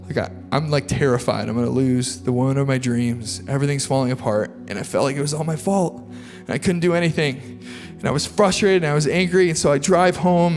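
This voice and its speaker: A young male pastor preaches with earnest, confessional feeling that swells into impassioned appeals. His voice sits a little high. It carries the long reverb of a big church hall, with soft music playing behind him. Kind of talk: sermon with personal story. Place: large church auditorium.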